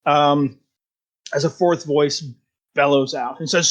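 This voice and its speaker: Guy running a tabletop game, lots of ums and pauses. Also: on the high side, steady tone. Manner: hesitant, filler-heavy. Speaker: game master.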